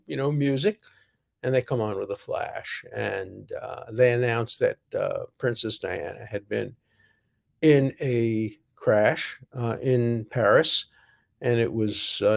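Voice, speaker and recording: An older American man telling personal stories in a casual, halting way, full of fillers and self-corrections. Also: medium pitch, gravelly. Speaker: storyteller.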